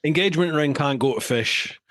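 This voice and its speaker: A man's voice: fairly high pitch, normal speed, a bit bright, no room sound. A man from the UK hosting a casual podcast chat, reading out listener questions with plenty of banter and laughter. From United Kingdom. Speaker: podcast host.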